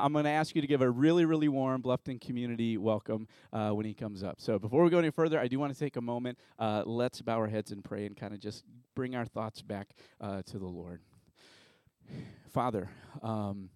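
A man's voice: mid-range voice, quick pace, hardly any pauses, a little mellow, smooth, no room sound, studio quality. A man preaching a sermon as pastor in a church, joking around with a game at first and then turning earnest and reflective. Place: church sanctuary.

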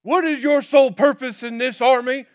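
A man barking as a shouting drill sergeant. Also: very high voice, steady tone, moderate pace, voice pushed up. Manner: shouting in someone's face. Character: barking adult male army drill sergeant.

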